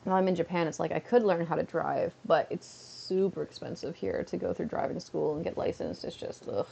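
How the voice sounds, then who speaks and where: A woman's voice: low-pitched, fairly quick, gravelly, dark tone, a little hiss or hum. A woman from Canada chatting casually on a livestream at home, rambling with lots of "like" fillers. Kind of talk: casual chat. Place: at home, seated on a beanbag.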